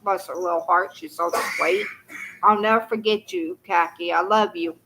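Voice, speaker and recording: A woman's voice: fairly low pitch, fairly even intonation, moderate pace, very noisy. A woman telling a long personal story to the camera in a casual, folksy, rambling way, full of "you know".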